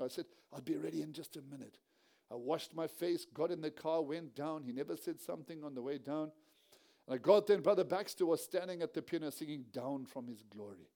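A man delivers a sermon at a prayer meeting. His voice sits fairly high but sounds soft and mellow. He moves between storytelling and exhortation, rising and falling as he acts out the voices in his tale. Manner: storytelling, acting out quoted dialogue with a rising, dropping voice. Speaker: preacher.

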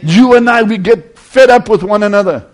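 A male preacher giving a sermon, swinging between loud emphatic passages and hushed near-whispers, earnestly calling his listeners friends. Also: high voice, moderate pace.

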